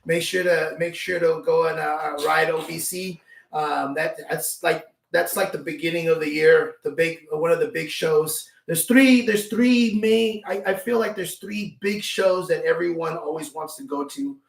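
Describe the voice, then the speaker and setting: Gravelly man, echoey and distant. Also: fairly high pitch, fairly even intonation, moderate pace. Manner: informal, listing things with filler "okay" and "uh". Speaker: co-host. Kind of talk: casual chat. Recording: roomy, from far off the mic.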